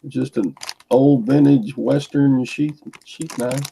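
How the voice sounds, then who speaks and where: A man's voice: mid-range voice, steady tone, slow, creaky, noisy background. A man chatting in a laid-back, plainspoken way on a group video call about reselling finds. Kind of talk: casual group video chat.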